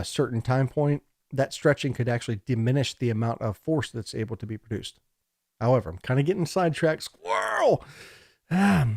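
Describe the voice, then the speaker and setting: In a studio-quality recording free of room sound, a male college lecturer with a dark, medium-pitched voice wanders through a casual lecture, cracking jokes along the way. His throat sounds a bit scratchy.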